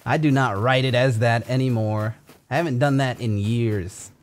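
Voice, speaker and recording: A man's voice: fairly even intonation, normal speed. A young man giving casual commentary while playing a game, laughing often and yelping in panic. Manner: giggly, bursts into high panicked yelps. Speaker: gaming streamer.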